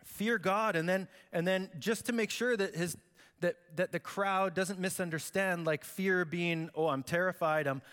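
A man's voice: sits high, fairly even intonation, measured pace, a bit bright. A man preaching a sermon as pastor, conversational and joking, acting out the quotes he reads. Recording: long hall reverb.

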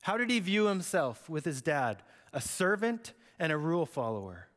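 A man preaching a sermon in an expressive, conversational way. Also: a little high, normal speed. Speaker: pastor. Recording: echoey hall.

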